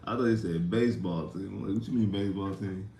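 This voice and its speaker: A man hosting a livestream and ranting about sports in casual slang. He repeats himself, swings from loud outbursts to mutters, and sounds exasperated. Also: low-pitched, fairly quick, roomy sound, a little hiss or hum. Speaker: livestream host.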